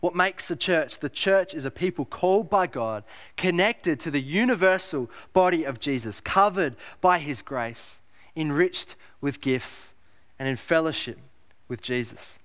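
A man's voice: on the high side, lively intonation, a little slow, fairly bright tone. A man preaching a sermon as pastor, emphatic, repeating key phrases and asking rhetorical questions.

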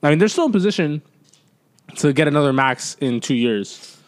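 A man co-hosting a podcast, chatting casually about basketball and swearing freely. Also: fairly high pitch. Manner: fast, animated, swears casually. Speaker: podcast co-host. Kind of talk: casual sports chat.

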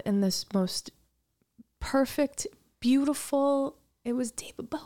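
Woman guest gushing about meeting someone, excited, chatty. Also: a little high, unhurried. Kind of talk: casual chat.

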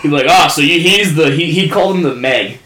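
A man's voice: on the high side, fast talker. A young man in casual chat, telling rowdy, laughing stories full of swearing. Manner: laughing, swearing storyteller who acts out his dad loudly. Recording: echoey room, faint noise.

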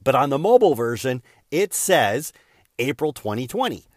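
Male host, mid-pitched, dry close sound; loose, candid storyteller full of fillers. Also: sing-song, normal speed, no room sound. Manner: rambling, frequent fillers and "da, da, da" asides; candid, self-deprecating. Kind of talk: casual storytelling monologue.

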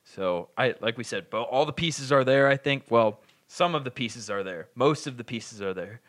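A man's voice: medium pitch, expressive, moderate pace, fairly bright tone, dry recording, clean studio sound. A man hosting a sports and beer podcast who talks casually, often hesitating and correcting himself. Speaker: podcast host.

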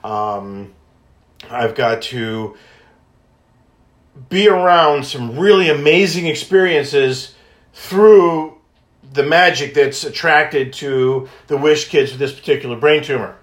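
A high-energy man, a podcast host and wish granter, tells stories in a casual monologue at a slow pace. He laughs often and acts out phone calls, and the room has an echo.

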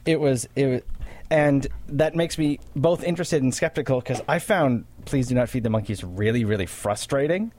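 A man co-hosting a casual gaming podcast, talking in a relaxed, slightly wry way. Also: mid-range voice, normal speed, a little hiss or hum. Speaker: podcast co-host.

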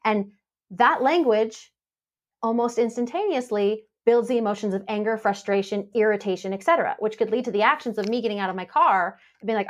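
A woman guest on a podcast, explaining her method in a relaxed, chatty way and acting out the lines she said in past moments. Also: medium pitch, brisk. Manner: animated storytelling, acts out her own past lines. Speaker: podcast guest, happiness mentor. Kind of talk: casual podcast interview.

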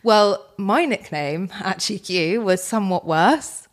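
A woman's voice: mid-range voice, animated. Bubbly, cheeky woman co-host. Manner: bubbly, cheeky, quick to apologise. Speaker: podcast co-host. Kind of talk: casual chat.

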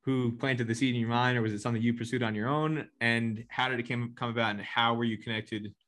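A man's voice: medium pitch, little pitch movement, fast, fairly bright tone. Playful male interviewer. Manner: playful, teasing, reads clippings aloud. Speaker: interviewer host. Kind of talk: conversational interview.

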